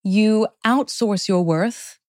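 Taking her time, a woman with a medium, slightly mellow voice speaks as a guest author in an interview conversation. She explains her thinking sincerely and in ordered steps. The audio is close and dry, free of room echo.

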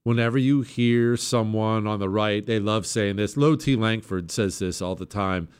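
A man's voice: lowish voice, moderate pace, clear, resonant tone. A man hosting a political talk radio show, delivering an emphatic, sarcastic monologue.

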